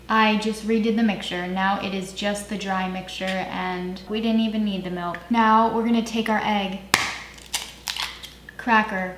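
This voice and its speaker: A woman's voice: mid-range voice, echoey room. A young adult woman hosting a casual home cooking vlog, sarcastic and self-mocking as she talks through the recipe. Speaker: cooking vlogger. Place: home kitchen.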